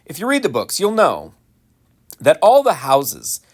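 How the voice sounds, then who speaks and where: A man's voice: fairly high pitch, a little slow. Rambling man chatting while gaming. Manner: rambling, frequent ums and restarts; animated, mock-indignant asides. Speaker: gaming channel host. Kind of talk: casual commentary while playing.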